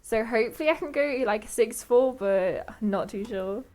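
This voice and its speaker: A woman's voice: on the high side, normal speed, a little mellow. A young woman casting esports, making casual chat between games with frequent giggles. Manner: chatty, giggly, trailing off. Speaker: esports caster.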